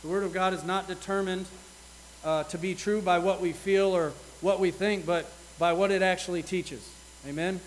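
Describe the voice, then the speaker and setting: A man's voice: high voice, steady tone, moderate pace, a little hiss or hum, rough recording. A man preaching a sermon, earnest, reading scripture aloud with rising intensity.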